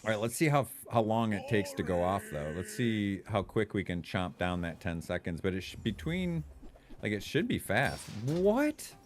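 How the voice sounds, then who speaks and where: A young adult man giving animated, profane gaming commentary, laughing often and chatting to his viewers. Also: on the low side, moderate pace. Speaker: streamer.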